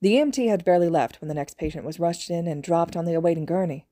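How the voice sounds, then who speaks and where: A woman reading fan fiction aloud as an audiobook narrator, in a steady, even delivery. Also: fairly low pitch, fast talker, dry recording, clean studio sound. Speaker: podfic reader.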